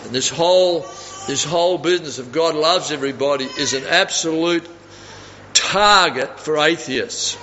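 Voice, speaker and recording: A man's voice: fairly high pitch, normal speed, pushed and bright, a little hiss or hum. A man preaching a sermon, emphatic and fond of repeating phrases for stress. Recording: dull audio with long reverb in a hall.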